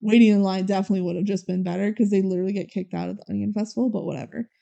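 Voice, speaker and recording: A woman's voice: medium pitch, fairly even intonation, vocal fry, mellow. A woman co-hosting a podcast, casually recapping a movie and acting out characters' lines as she goes. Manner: retells scenes with quick quoted voices and laughs. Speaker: podcast co-host.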